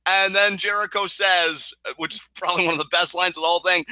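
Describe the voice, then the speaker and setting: A man co-hosting a casual wrestling review podcast, excitable and swearing as he recaps. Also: sits high, fast, few pauses, clear, resonant tone, dry recording, rough recording. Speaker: podcast co-host.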